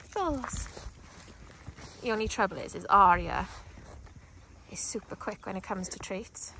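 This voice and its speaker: A woman dog trainer demonstrating outdoors, explaining calmly between bursts of high, excited calls to her dogs. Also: moderate pace, creaky, a little hiss or hum. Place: outdoors on grass.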